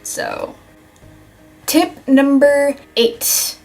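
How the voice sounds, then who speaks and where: A woman's voice: high voice, huge pitch swings, extremely slow, vocal fry, a little mellow, soft background music. A young woman vlogging casual self-help tips, rambling and joking, with casual swearing.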